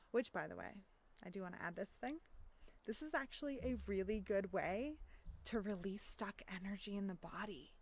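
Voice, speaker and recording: A woman speaking as a life coach in a casual self-help monologue, reflective, often checking in with "right?" and pausing for audible deep breaths. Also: expressive, a little mellow. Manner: acts out inner voices in quotes.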